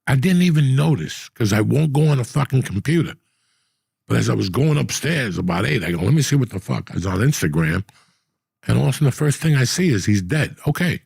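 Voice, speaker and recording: An older man tells a rambling, profanity-laced story as a podcast host. His voice is gravelly and a bit husky, sitting at a middle pitch. It is recorded dry and close, with no room sound. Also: expressive, brisk, a little mellow, no room sound. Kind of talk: casual storytelling chat.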